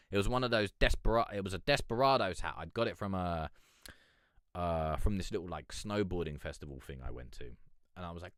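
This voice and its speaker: A man's voice: deep voice, pushed and bright, dry recording, studio quality. A young man hosting a casual live stream, telling a rambling story full of swearing and fillers. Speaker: livestream host.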